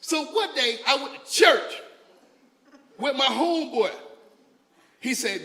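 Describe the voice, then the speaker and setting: A stand-up comedian, a man with a strikingly high, bright and forceful voice, tells stories in a loose, chatty way and keeps throwing asides to the crowd. He is heard on a stage mic in a big hall, with a long echo trailing each line. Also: expressive, slow, pauses often. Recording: echoey hall with long reverb.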